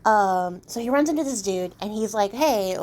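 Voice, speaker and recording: A young woman retelling a fairy tale in a loose, chatty way, with sarcastic asides and plenty of fillers. Her voice sits at an everyday middle pitch. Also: expressive, normal speed, a little mellow. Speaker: channel host, storyteller. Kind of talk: casual storytelling.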